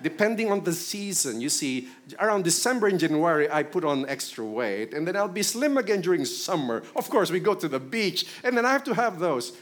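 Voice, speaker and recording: A man with a Filipino accent voicing a churchgoer who complains quickly about their changing body weight. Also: a little high, big pitch swings, fairly bright tone. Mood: complaining.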